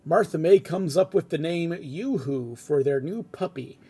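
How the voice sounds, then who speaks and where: A man reading a fan script aloud at home, in a relaxed, chatty way with casual asides. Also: on the high side, measured pace, husky. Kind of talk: casual read-aloud narration.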